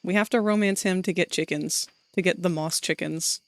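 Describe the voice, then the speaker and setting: A woman's voice: fairly low pitch, moderate pace, dry recording. A woman streamer chatting casually while playing a game, in a laughing, chatty manner. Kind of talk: casual gameplay chat.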